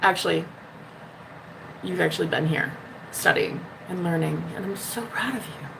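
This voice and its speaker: A woman's voice: on the low side, moderate pace, vocal fry, noisy background. A woman hosting a casual spiritual livestream, reading out chat messages with a bubbly, teasing manner, swearing freely and laughing often. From United States.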